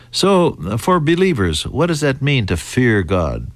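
Deliberate American preacher, dry sound. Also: male voice, on the low side, very animated, no room sound. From United States. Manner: deliberate, halting, with fillers and restarts. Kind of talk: radio Bible teaching.

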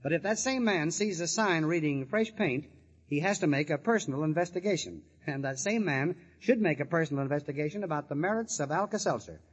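Smooth old-time radio host. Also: male voice, a little high, lively intonation, brisk. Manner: smooth, showman patter. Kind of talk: 1940s radio announcing. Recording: dull old radio recording.

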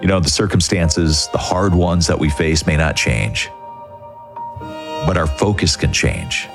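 A man's voice: low-pitched, a little slow, vocal fry. A man speaking earnestly and reflectively as the speaker of a short radio devotional, in a conversational tone. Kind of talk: gentle devotional talk. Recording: music bed behind voice.

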